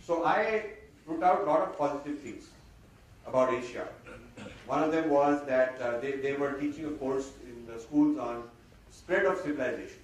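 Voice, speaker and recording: A man giving a lively, sardonic talk to an audience, slipping Hindi phrases into his English. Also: a little high. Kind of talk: lecture to an audience. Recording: very echoey hall, mic far off, faint noise.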